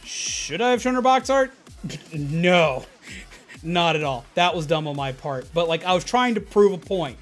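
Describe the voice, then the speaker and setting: A man streamer telling a casual, animated, rambling story about a retail customer, often restarting his sentences. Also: on the high side, a little slow, faint music behind.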